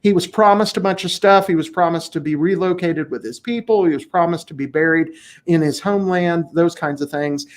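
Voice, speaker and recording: A man hosting a casual podcast discussion, talking in a blunt, profane and animated way. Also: fairly high pitch, brisk. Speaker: podcast host.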